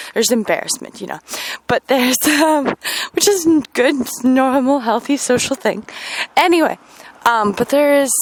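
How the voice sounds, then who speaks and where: A woman hosting a podcast, talking candidly in a personal monologue, emotional and profane, swinging between loud outbursts and quiet murmurs. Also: on the high side, slight background noise. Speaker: podcast host.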